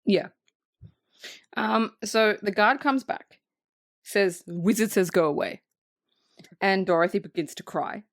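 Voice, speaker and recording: A woman co-hosting a podcast, recapping a film in casual, profane, animated chat. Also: mid-range voice, slow pace, pauses often, no room sound, studio quality. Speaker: podcast co-host.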